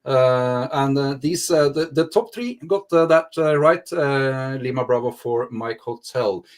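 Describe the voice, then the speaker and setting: A man co-hosts a relaxed panel talk with a mid-range voice. He explains things haltingly and pads his sentences with fillers. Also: medium pitch. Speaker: co-host. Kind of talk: casual panel chat.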